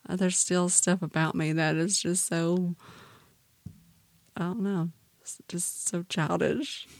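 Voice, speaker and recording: A woman's voice: on the low side, steady tone, slow pace, no echo. A woman co-hosting a podcast in casual chat, talking in a heartfelt, rambling way with many restarts. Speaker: podcast co-host.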